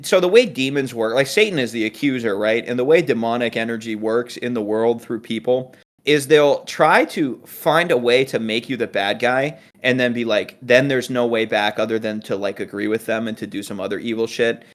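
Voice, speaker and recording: A man's voice: mid-range voice, normal speed, few pauses. A man from New England co-hosting a casual podcast, rambling, stopping himself mid-thought and joking around. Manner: rambling, self-interrupting, playful. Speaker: podcast co-host.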